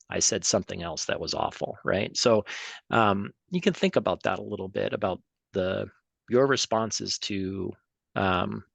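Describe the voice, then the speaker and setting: A middle-aged man talks an audience through his points in a hesitant, informal way, full of ums and restarts. His voice sits low with a gravelly fry. The sound is close and dry, with no room echo. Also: fairly bright tone. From United States. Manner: hesitant, many ums and restarts, occasional throat clearing. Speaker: emergency physician and tennis official giving a talk.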